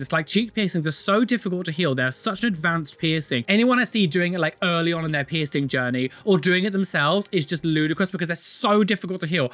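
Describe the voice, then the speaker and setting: A man doing reaction commentary as a vlogger, animated and dramatic, with gasps and blunt, scolding remarks. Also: on the high side.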